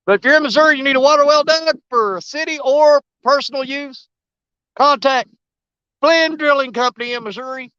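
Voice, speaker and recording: Fishing vlogger, high bright voice, loose folksy rambling, dull lo-fi outdoor sound. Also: male voice, moderate pace, dry recording. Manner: joking, rambling, laughs often, folksy. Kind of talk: casual fishing vlog monologue. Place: outdoors on a riverbank.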